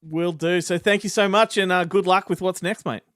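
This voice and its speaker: A man hosts a podcast interview and keeps it friendly, laughing along with his guest. His voice is smooth and clear, a touch high. The recording is dry and close. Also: steady tone, normal speed, fairly bright tone, no echo. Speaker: podcast host. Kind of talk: casual interview chat.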